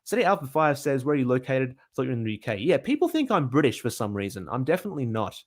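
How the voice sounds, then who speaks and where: A young Australian man teaching bass, answering viewer questions in a casual livestream, upbeat and chatty with frequent filler sounds and restarts. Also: big pitch swings, racing.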